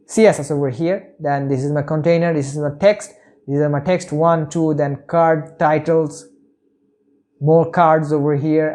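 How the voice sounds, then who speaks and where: A man guides viewers through a screen-recorded coding lesson, narrating each step as he goes. He keeps checking in with a quick "okay?" and points things out "over here". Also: on the high side, a little mellow. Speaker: web development tutor.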